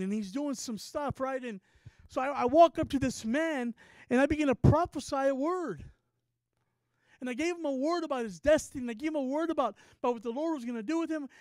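Preacher guy, pretty high voice, storytelling sermon, dry sound. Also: no echo. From Texas. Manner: storytelling with rising excitement and stammered repeats.

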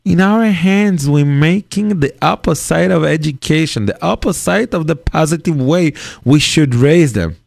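Gravelly rabbi teaching in slow earnest English. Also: male voice, a little high, animated, no echo. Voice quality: non-native English grammar. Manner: earnest, acts out parent and child in dialogue. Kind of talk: Torah lecture on parenting.

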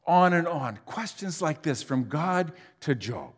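A man preaching a sermon with dramatic delivery, swinging from loud declarations to near whispers. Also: a little high, animated, measured pace. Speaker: pastor. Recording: long hall reverb.

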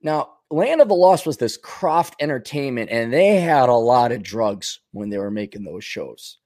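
A man hosting a podcast, rambling through a casual comedic monologue, going from low mutters to sudden outbursts. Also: animated, normal speed, a little mellow. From Minnesota. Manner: rambling, wisecracking, swings between mutters and outbursts. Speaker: podcast host.

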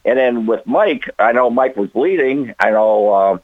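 A man's voice: medium pitch, lively intonation, measured pace, dry recording. An older man, a guest on an interview show, talking casually in a rambling way and tagging on "okay?" and "like I said" as he goes. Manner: rambling, keeps adding "okay?" and "like I said". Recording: tinny dry phone line.

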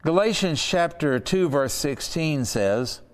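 A man with a fairly high, smooth and resonant voice leads a Bible study lesson. He speaks earnestly and slows down to press home key words. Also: expressive, long reverb tail. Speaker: Bible teacher.

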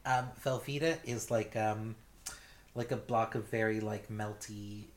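A woman's voice: rumbling low, fairly even intonation, a little slow. A woman from the United States co-hosting a podcast, chatting casually with lots of fillers and confident asides. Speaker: podcast co-host. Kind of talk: casual chat.

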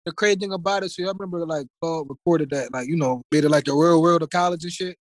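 A young man telling animated stories in a casual podcast chat, acting out quotes. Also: fairly high pitch, fast, no echo, studio quality. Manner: animated storytelling with acted-out quotes. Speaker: podcast guest.

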